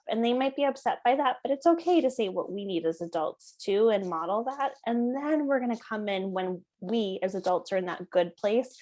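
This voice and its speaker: A woman teaching parents in a calm, conversational way, often checking in with the listener. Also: medium pitch, moderate pace, few pauses. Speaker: parenting educator. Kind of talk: explanatory talk to parents.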